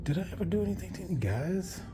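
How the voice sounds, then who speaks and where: A man's voice: high-pitched, big pitch swings, very fast, music in the background. A man vlogging a candid personal story in a rambling, frank way, correcting himself and swearing casually.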